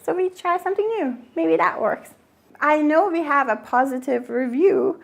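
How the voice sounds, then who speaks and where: A woman's voice: high-pitched, moderate pace, vocal fry. A woman who grew up in Germany and owns a cafe, talking in a documentary interview and acting out quoted dialogue with frequent laughs. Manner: lively, acts out quoted dialogue, laughs often. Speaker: cafe owner.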